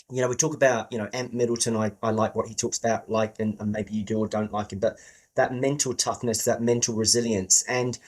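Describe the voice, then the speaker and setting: A middle-aged man from England hosting a sales podcast, chatty and enthusiastic, swearing casually. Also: mid-range voice. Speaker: podcast host. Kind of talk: podcast interview.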